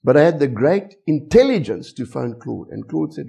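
A middle-aged man with a South African English accent, preaching a sermon with animated storytelling and many rhetorical questions. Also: on the high side, moderate pace, gravelly, few pauses, husky. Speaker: pastor.

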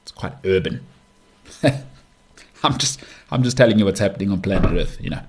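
Brief: South African male podcast host, 30s, husky low voice, loose joking monologue. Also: lively intonation, normal speed, long pauses. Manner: joking, rambling, full of asides and restarts. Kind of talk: casual solo podcast monologue.

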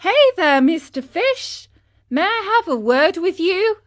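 A woman voicing a young male wooden puppet boy in a storybook reading, speaking high, eager and easily frightened. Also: sing-song, takes it slowly, fairly bright tone, exaggerated voice.

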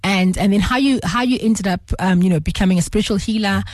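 A woman's voice: medium pitch, fast, dry recording. A woman hosting a radio talk show who is losing her voice, chatting with plenty of fillers. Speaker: radio talk show host, medical doctor. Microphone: studio microphone.

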